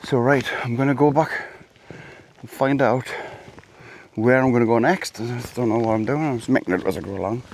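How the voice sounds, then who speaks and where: A man's voice: mid-range voice, brisk, a little mellow, a little hiss or hum. A middle-aged man talking to his camera as he walks woodland paths, rambling with jokey asides. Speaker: vlogger. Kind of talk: casual vlog talk to camera. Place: outdoors on woodland and coastal paths.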